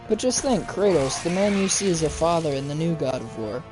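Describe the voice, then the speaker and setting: A man's voice: fairly high pitch, animated, fairly quick, over music. A young man giving casual let's-play commentary, chatting and joking with his viewers as he plays. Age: young adult. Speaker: gaming youtuber.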